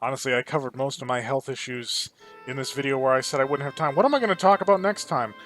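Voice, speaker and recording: A man's voice: mid-range voice, quick pace, a bit bright, soft background music. A tired man hosting a game let's play, rambling and self-deprecating in his commentary. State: exhausted. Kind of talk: gameplay commentary.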